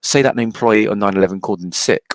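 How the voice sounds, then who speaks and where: A low-pitched man talks quickly, laying out his argument point by point as a podcast guest. His manner is opinionated and brisk. The sound is dry, with no room echo.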